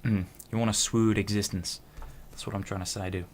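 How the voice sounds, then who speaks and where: Low-voiced young man rambling solo. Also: flat delivery, a little fast. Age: 20s. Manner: rambling, self-interrupting, casual swearing. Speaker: podcast host. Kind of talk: casual solo monologue.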